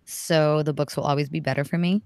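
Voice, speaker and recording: A woman in her thirties chatting casually on a podcast, blunt and profane, with an animated way of talking. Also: sits low, a little fast, clean tone, no room sound, clean studio sound. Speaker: podcast co-host guest.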